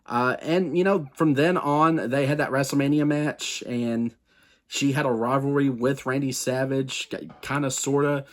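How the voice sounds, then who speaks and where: A man hosting his own wrestling history show, talking in a loose, conversational way at a middling pitch. He rambles, corrects himself as he goes and speaks straight to his viewers with his own opinions. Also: steady tone, unhurried. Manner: rambling and chatty, with frequent asides and self-corrections; opinionated, addresses viewers directly. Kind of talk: casual history talk to camera.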